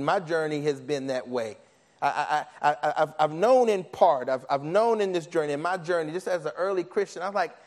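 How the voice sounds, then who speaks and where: A man preaching a sermon, animated, acting out biblical characters and his own thoughts, with many restarts. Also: on the high side. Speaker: pastor.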